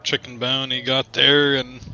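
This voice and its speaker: A man playing a tabletop game, speaking in a laid-back, deadpan way. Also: medium pitch, measured pace, dull audio. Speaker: player. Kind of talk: tabletop role-play.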